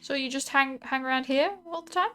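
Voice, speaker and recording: A chatty woman streaming a tabletop game, often breaking into giggles. Her voice sits a little higher than most. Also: a little fast, sharp tone, soft background music. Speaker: streamer and player. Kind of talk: casual tabletop play.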